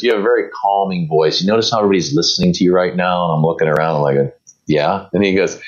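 A man's voice: sits low, expressive, fast, muffled recording. A man being interviewed, telling long anecdotes in a casual, rambling way, with many fillers and restarts and quoted voices of other people. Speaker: guest.

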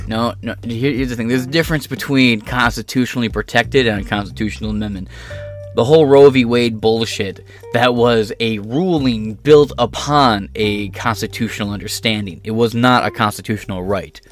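A man's voice: mid-range voice, normal speed, soft background music. Profane, combative male ranter. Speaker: commentator. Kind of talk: ranting political commentary.

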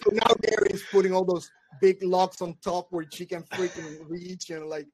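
A man's voice: sits high, normal speed. Guy telling a wild story on a podcast, acts out the voices, keeps laughing. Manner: animated storyteller who acts out quoted voices and laughs often. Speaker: podcast co-host. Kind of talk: casual chat, storytelling.

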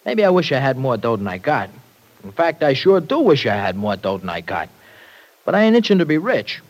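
A man's voice: medium pitch, sing-song, brisk, poor audio. A slangy tough young guy. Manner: slangy tough-guy talk, dropped grammar. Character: tough streetwise young working-class man. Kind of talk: 1940s radio acting. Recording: old radio broadcast recording.

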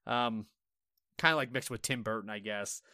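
Recorded dry and close, a gaming podcast co-host talks at normal speed in a fairly low voice that is still bright and forceful. He swears freely as he tells lively stories, voicing his own frustrated reactions in quoted asides.

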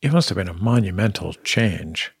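Male interviewer, lowish voice, casual and curious, dry sound. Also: lively intonation, normal speed, gravelly, slightly rough, no room sound. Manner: curious, casual, uses fillers like "like". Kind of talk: conversational interview.

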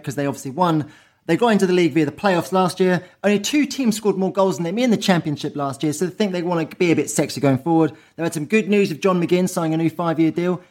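A man hosting a casual football chat podcast. His voice sits high for a man and he talks with brash, sweary energy, tossing out quick banter. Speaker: podcast host.

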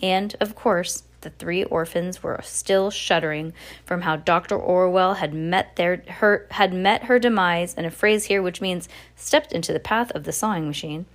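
A woman reading a novel aloud at a steady pace, with small slips and self-corrections. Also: lowish voice, moderate pace. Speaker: reader.

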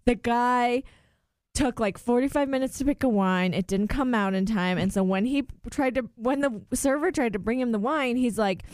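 A young woman hosting a podcast, telling a story in casual chat, animated and peppered with "like". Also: on the high side, moderate pace, no echo, studio quality. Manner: animated storyteller, many "like" fillers. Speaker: podcast host.

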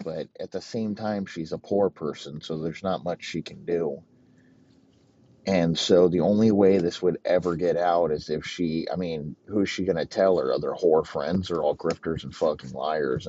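A man telling a crude, rambling comedic story in a profane, deadpan way. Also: rumbling low, breathy edge. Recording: dull lo-fi recording.

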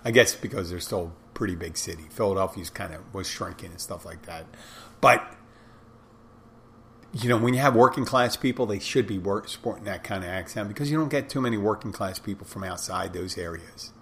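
A man with a fairly low voice talks through a solo podcast episode. He drifts from point to point and corrects himself mid-sentence. A faint hum of noise sits under the recording. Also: a little fast, a bit bright. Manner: rambling, conversational, self-correcting. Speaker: podcast host. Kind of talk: casual solo podcast monologue.

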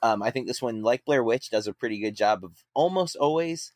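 A man's voice: mid-range voice, expressive, a little fast, no room sound, clean studio sound. A man co-hosting a podcast, talking about a found-footage film in a hesitant, rambling way with many ums and restarts. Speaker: podcast co-host. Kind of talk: casual movie-review chat.

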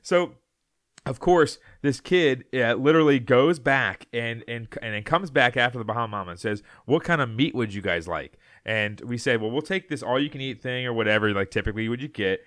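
A man's voice: mid-range voice, lively intonation, fairly quick, a bit bright, no room sound, studio quality. A man co-hosting a podcast, telling a long story in a loose, rambling way, often laughing and restarting his sentences. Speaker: podcast co-host. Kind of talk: casual storytelling chat.

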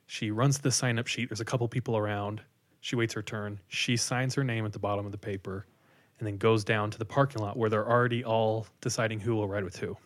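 A man casually retelling a story on a podcast, animated and full of likes as he acts out quotes. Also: on the low side, a little fast.

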